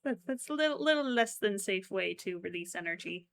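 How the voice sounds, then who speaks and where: A woman's voice: mid-range voice, expressive, a little fast, vocal fry, fairly bright tone. A young woman chatting casually with her stream while crocheting, giggly and given to frequent exclamations.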